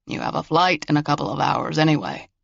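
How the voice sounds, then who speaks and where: A man voicing a stubborn, frail eighty-seven-year-old grandfather with a trembling voice, in a slow drawl, for an audiobook. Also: a little high, expressive, gravelly, fairly bright tone, no echo, highs cut off, heavily acted. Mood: cranky.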